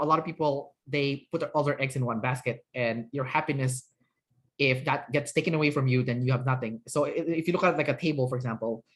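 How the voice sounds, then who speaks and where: A man hosting an interview as a personality trainer, talking casually with many fillers and tag questions. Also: medium pitch.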